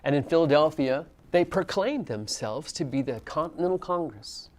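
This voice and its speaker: A man's voice: on the high side, expressive, normal speed, hardly any pauses. A man teaching a history class, talking conversationally and asking students questions as he goes. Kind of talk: classroom lecture.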